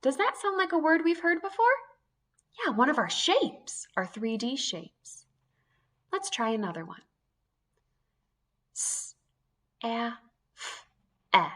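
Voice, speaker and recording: A woman's voice: high-pitched, lively intonation, takes it slowly, pauses often, fairly bright tone. A woman teaching an early reading lesson to young children, sounding out letters one by one in an encouraging way.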